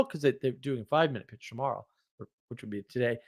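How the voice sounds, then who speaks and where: A man with a fairly high voice tells a story in a loose, chatty monologue. He is animated and breaks into laughter now and then, with lots of fillers and restarts. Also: quick pace. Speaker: host.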